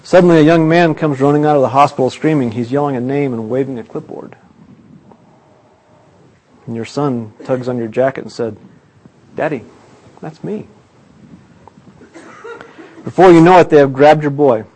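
Male pastor telling a sermon illustration with mid-range pitch and dramatic volume swings between loud and hushed. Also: fairly quick. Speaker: preacher.

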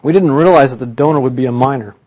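Quiet solemn gray-haired old doctor as a male preacher puts him on, low-key, apologetic, in a sermon story. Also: fast talker, close to an everyday voice, poor audio.

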